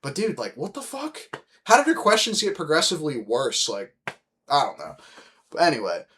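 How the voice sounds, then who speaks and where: Young guy podcast host, swears a ton, animated storyteller, mid pitch, just chatting. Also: fairly quick, a little hiss or hum. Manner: profane, animated, addresses listeners as dude. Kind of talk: casual storytelling chat.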